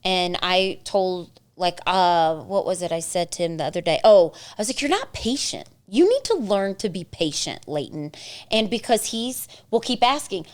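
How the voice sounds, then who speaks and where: A young adult woman co-hosting a casual chat, telling animated stories with quoted dialogue and laughter. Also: mid-range voice, moderate pace. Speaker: co-host.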